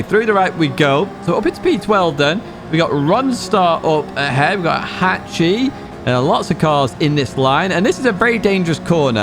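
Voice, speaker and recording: Upbeat man commentating a race. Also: medium pitch. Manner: upbeat, instructive, jokey asides. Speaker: gaming channel host. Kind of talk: race guide commentary over gameplay.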